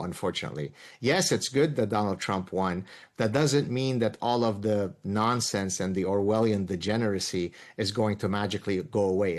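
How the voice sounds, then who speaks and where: Emphatic professorial man from Lebanon. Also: fairly low pitch. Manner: emphatic, professorial, explains with examples. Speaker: guest. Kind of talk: interview answers.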